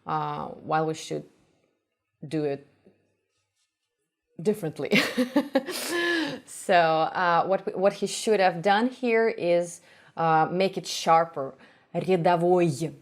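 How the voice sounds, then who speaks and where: A young Russian woman with a Russian accent gives a pronunciation lesson, stopping often to say sounds over and over. Her voice sits a little low and she talks at an unhurried, slow pace, with plenty of pauses. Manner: explains slowly with many uh fillers, repeats sounds to demonstrate. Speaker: language teacher. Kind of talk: reaction video with pronunciation lesson.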